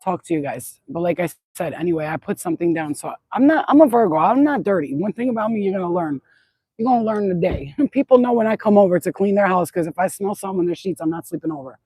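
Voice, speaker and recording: A woman's voice: lowish voice, animated, fast, warm tone, husky, no room sound, low-quality recording. A woman channeler chatting outdoors in a yard into a phone, rambling, blunt and swearing freely in a casual spiritual vlog.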